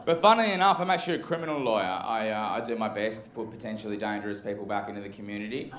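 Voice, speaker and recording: A man's voice: on the low side, racing. A Western Australian man doing a live stand-up set, with a dry, offhand delivery and asides to the crowd. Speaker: stand-up comedian. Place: comedy club stage. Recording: echoey room with loud ambience.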